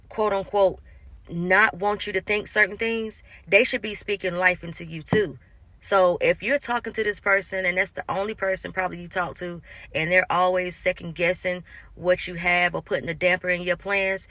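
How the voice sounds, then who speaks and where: A woman's voice: on the low side, dry recording. Emphatic woman giving life advice, dry. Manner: emphatic, acts out quoted people in animated asides. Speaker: vlogger. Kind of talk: casual motivational monologue.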